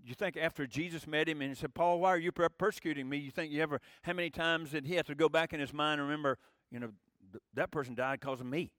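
A man's voice: fairly high pitch, steady tone, fast talker, a bit bright, no echo, studio quality. A man preaching a sermon in a conversational way, his voice rising for emphasis. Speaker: pastor.

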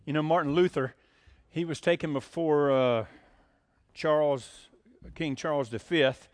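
A man's voice: on the high side, a little mellow. Conversational man preaching, rising to emphatic bursts. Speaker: pastor. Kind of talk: sermon.

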